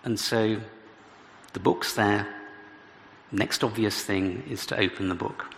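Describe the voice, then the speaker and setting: Male preacher, lowish gravelly voice, expository sermon in a church hall with long reverb. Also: takes it slowly, fairly bright tone. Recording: reverberant hall with faint background noise.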